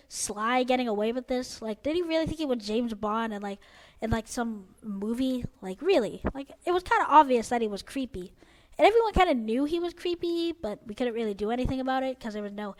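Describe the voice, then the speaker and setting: A teenage girl with a high, bright-pitched voice tells a casual storytime tale from her school days. She rambles with plenty of filler words and sounds openly exasperated. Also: lively intonation, fairly quick.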